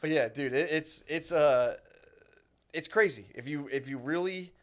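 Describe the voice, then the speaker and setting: A man's voice: on the high side, a little slow, a bit bright. A man co-hosting a comedy podcast in casual banter, laughing often and saying dude a lot. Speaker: podcast co-host.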